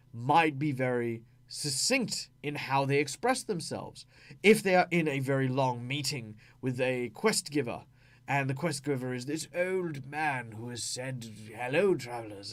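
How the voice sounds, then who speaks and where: A man with an Australian accent, hosting a tabletop gaming channel, explaining in a chatty way with many fillers. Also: mid-range voice. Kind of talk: casual explanatory talk.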